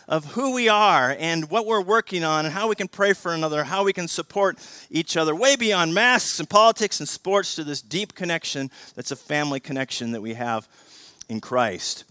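Animated pastor with a bright, forceful voice. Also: male voice, sits high, normal speed, no echo. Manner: animated, swings between loud emphasis and quiet intensity, repeats words, asks "right?". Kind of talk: sermon.

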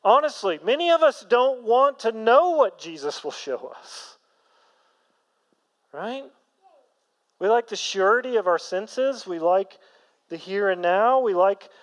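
A man preaching a sermon as pastor, earnest, rising to emphatic peaks and then dropping low. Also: big-room sound, poor audio.

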